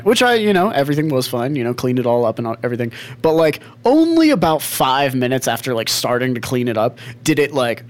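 A man's voice: a little high, brisk. A man co-hosting a podcast in casual chat, telling stories with lots of laughter, acting out quotes and swearing freely. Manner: animated storyteller, laughs often, acts out quotes. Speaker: podcast co-host.

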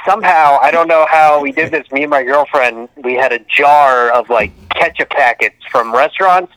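A man in his thirties with a bright, forceful voice and a slightly raised pitch, chatting loosely and laughing through his stories. The sound is close and dry, with no room at all. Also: normal speed, no room sound, low-quality recording. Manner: rambling storyteller, many fillers and laughs. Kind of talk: casual chat.

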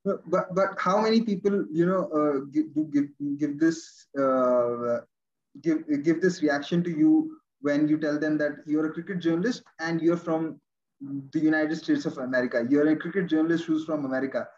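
Halting host on dull lo-fi audio. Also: male voice, fairly high pitch, steady tone, a little mellow. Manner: halting, repeats words while forming questions. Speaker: show host interviewing a guest. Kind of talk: interview hosting.

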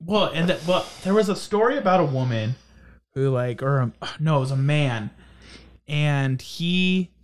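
A young man co-hosting a casual podcast chat, animated and laughing often, telling stories and slipping into goofy voices. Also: a little high, a little slow. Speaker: podcast co-host.

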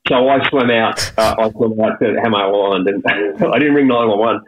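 A man's voice: on the low side, moderate pace, muffled recording. A man with an Australian accent chatting casually and telling stories with self-mocking humor. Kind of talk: casual chat.

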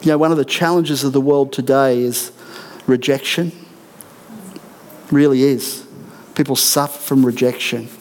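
A man's voice: mid-range voice, steady tone, moderate pace, pauses often, slight background noise. Earnest middle-aged man preaching. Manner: earnest, emphatic preaching with repeated declarations. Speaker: senior pastor. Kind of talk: sermon. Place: church auditorium.

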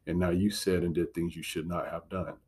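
Low husky earnest Christian speaker, man. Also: flat delivery, brisk, darkish tone. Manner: earnest, encouraging, emphatic repetition. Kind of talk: devotional teaching talk.

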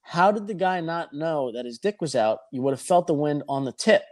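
A man's voice: fairly high pitch, expressive, fairly quick. A man telling a rambling, profane anecdote in a casual chat. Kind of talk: casual storytelling.

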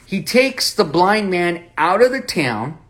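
A man's voice: high voice, takes it slowly. A man leading a Bible study, talking through scripture with rhetorical questions and acted-out quotes. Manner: animated, acts out quoted lines, rhetorical questions.

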